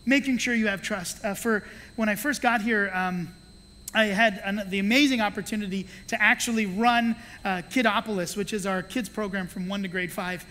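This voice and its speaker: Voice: medium pitch, normal speed, in a large hall. A pastor preaching a sermon, telling stories with energy and acting out the voices of the people in them, with playful asides. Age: adult with children. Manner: animated storytelling that acts out the voices of the people in the story. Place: church sanctuary.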